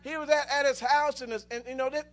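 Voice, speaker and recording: High-voiced preacher. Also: male voice, steady tone, fast. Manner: rambling storytelling with many restarts, rising to fervent exclamations. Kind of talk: sermon.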